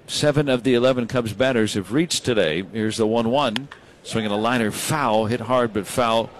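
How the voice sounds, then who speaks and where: A man calling baseball play by play, brisk and rising when big plays happen. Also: medium pitch. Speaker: play-by-play announcer.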